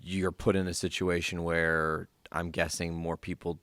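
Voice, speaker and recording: A male podcast host with a very low voice keeps the conversation going with encouraging follow-up questions. His sound is close and dry. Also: little pitch movement, fairly bright tone, no room sound. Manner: encouraging, quick interjections. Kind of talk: casual interview.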